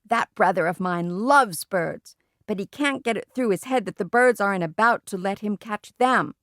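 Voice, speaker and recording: A woman reading a children's book aloud in a plain, steady storytelling voice. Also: medium pitch, moderate pace, no room sound, studio quality. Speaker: audiobook reader.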